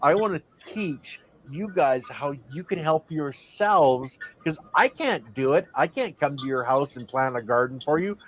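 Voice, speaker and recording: A man's voice: a little high, expressive, a little slow, hardly any pauses, a little hiss or hum. Laid-back male livestream host. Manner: laid-back, chatty, thanks guests and plugs the channel. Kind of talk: casual livestream chat.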